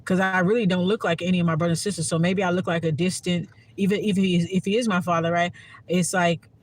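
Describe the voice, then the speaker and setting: A woman's voice: on the low side, steady tone, fast talker. A woman giving a heartfelt, profane casual monologue to her viewers as a spiritual content creator.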